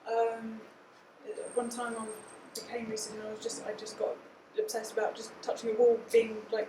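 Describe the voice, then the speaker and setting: A woman's voice: fairly high pitch, monotone, moderate pace, dark tone. A woman in a conference audience asking a question, hesitant and searching for words. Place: conference hall. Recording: distant, echoey hall mic with faint noise.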